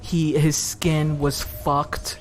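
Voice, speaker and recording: A woman's voice: sits low, level tone, extremely slow. A young woman streaming a game live, reading its lines aloud and chatting casually with some swearing. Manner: casual and profane, thinking aloud.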